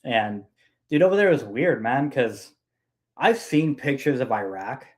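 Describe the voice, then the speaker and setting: A young man chatting loosely on a podcast, spinning a story with plenty of swearing and "dude" in every other line. His voice sits at an ordinary middle pitch, relaxed and unpolished. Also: unhurried. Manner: storytelling, heavy profanity, lots of "dude". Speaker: podcast guest. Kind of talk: casual chat.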